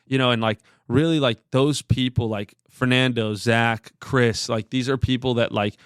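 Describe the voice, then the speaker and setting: With fairly even intonation at a normal speed, a man in his thirties recounts a personal story as a podcast guest. He's earnest and wandering, using plenty of fillers, and his medium-pitched voice sounds clean, with no room sound in the studio recording.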